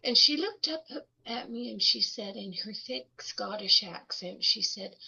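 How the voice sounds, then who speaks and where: Older woman with a gravelly, husky voice. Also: on the high side, animated, pushed and bright, lo-fi sound. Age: older, about 70s. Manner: reflective, with many pauses and restarts. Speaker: guest speaker in a women's circle. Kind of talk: casual personal storytelling.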